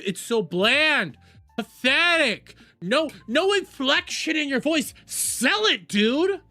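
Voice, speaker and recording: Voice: high voice, expressive, normal speed, pushed and bright, no room sound, faint music behind. A streamer doing live reaction commentary, profane, sarcastic and mocking.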